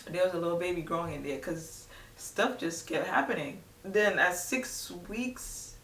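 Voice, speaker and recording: A woman's voice: on the low side, expressive, moderate pace, fairly bright tone, far from the mic, a little hiss or hum. A young adult woman chatting casually to camera as a vlogger, rambling with lots of "like". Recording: echoey room, voice a bit off-mic.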